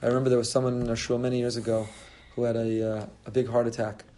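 A man's voice: medium pitch, flat delivery, fast, dark tone. A man preaching as a rabbi, earnest and building his points with repeated rhetorical phrases. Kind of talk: sermon.

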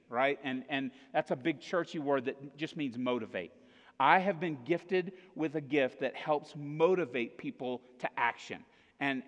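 An American man preaching a casual sermon, joking with the congregation and often checking in with "okay?" and "right?". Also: on the high side. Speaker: pastor. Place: church auditorium. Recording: echoey hall reverb.

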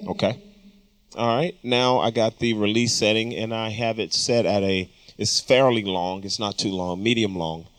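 An audio engineering instructor explains vocal compression in a recording studio, keeping it casual and saying "um" a lot. His voice is lowish with fairly even intonation and a moderate pace. The tone is clean and the recording dry.

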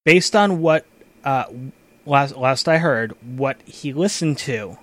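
A man's voice: medium pitch, expressive, slow, a bit bright, dry recording. A man in casual chat as a game master and host, rambling with frequent restarts and casual swearing.

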